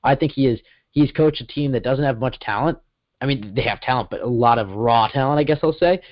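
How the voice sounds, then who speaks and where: A man's voice: medium pitch, no room sound. Rambling man in casual sports chat. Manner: rambling, self-correcting, quick bursts. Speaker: podcast co-host. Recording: dull lo-fi sound.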